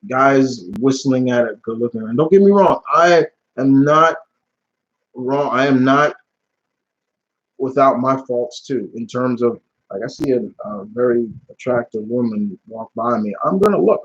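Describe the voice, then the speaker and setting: A young man hosting a live Q&A stream in casual talk, blunt and heated, swearing often and restarting his sentences. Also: medium pitch. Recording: dull lo-fi stream audio.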